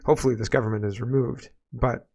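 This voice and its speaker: A man's voice: mid-range voice, steady tone, fast, vocal fry, darkish tone. A man giving casual political commentary, sarcastic and ranting, often laughing at what he reacts to.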